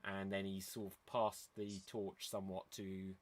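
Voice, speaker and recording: A man's voice: low-pitched, little pitch movement, measured pace. A man hosting a casual podcast, steering the talk with questions and hesitant fillers. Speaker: podcast host.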